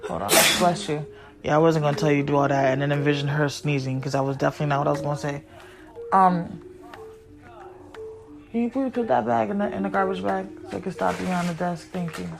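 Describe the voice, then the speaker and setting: A woman's voice: on the low side, fast talker, creaky, music in the background. A woman hosting her own podcast from home, chatting casually and bluntly to viewers while looking after her kids and getting sidetracked. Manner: rambling, blunt, easily sidetracked. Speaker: podcast host and mother.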